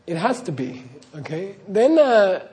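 A man's voice: high voice, very animated, measured pace, dark tone. A man giving an earnest spiritual talk to an audience, often checking in with "okay?" and laughing as he tells stories. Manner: earnest, repeats "okay?", laughs while storytelling. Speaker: spiritual teacher.

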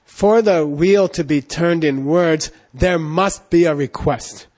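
Here a middle-aged man gives an informal dharma talk slowly, his voice high-pitched yet darkish in tone. Stories spill out in a rambling way, with "you know" and "okay?" recurring constantly.

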